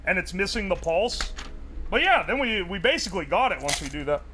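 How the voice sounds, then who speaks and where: A young man live-streaming, chatting casually and thinking aloud while he tinkers, excitable and swearing a lot. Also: sits high, a little fast, background noise.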